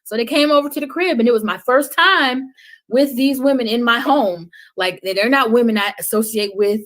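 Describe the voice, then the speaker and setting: Impassioned woman with a fairly high voice. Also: normal speed, low-quality recording. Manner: impassioned, preaching cadence, swings from loud to hushed. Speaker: guest. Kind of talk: passionate podcast talk.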